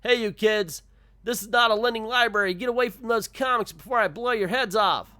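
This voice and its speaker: Man doing a gruff yelling shop owner. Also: sits high, brisk, voice pushed up. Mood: angry. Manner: loud and threatening. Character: gruff male comic shop owner shooing kids.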